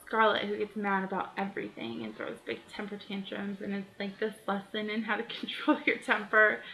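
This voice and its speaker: Bright, gravelly-voiced woman chatting on a vlog. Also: mid-range voice, poor audio. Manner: chatty, laughs often, self-deprecating. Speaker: author answering reader questions. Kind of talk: casual vlog chat.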